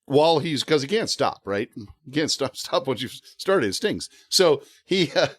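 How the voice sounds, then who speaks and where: A man telling a funny story as a podcast guest, animated and often laughing. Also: fairly high pitch, moderate pace. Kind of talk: casual storytelling.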